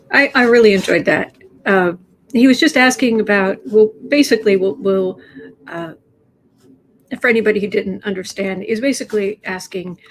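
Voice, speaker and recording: A woman's voice: mid-range voice, slight background noise. A woman hosting a tarot livestream, chatting casually and rambling with frequent restarts. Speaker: tarot reader host.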